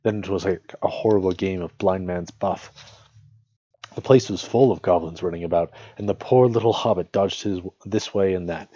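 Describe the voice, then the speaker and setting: A man reading a storybook aloud on his stream, voice strained and hoarse, with small slips and self-corrections. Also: deep voice, mellow, no room sound, dull audio.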